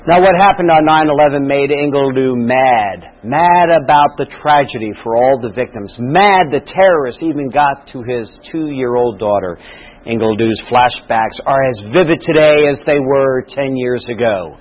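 A man's voice: mid-range voice, moderate pace, lo-fi sound. A male TV news reporter reading scripted narration with dramatic, emphatic delivery.

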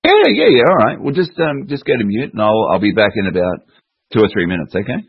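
Gravelly English host on dull lo-fi audio. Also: male voice, fairly low pitch, sing-song, fast talker, no echo. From England. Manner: chatty, easygoing, hesitant restarts. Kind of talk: casual online chat show.

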